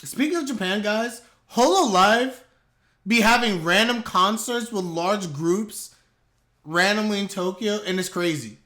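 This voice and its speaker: A man's voice: high voice, unhurried, pushed and bright. A young man doing live anime reaction commentary, reacting aloud in bursts with slang, laughter and teasing.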